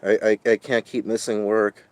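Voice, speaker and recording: A man's voice: on the low side, little pitch movement, normal speed, darkish tone, clean tone. A man venting in a rambling storytime vlog, stammering and swearing, upset and shaken. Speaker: vlogger.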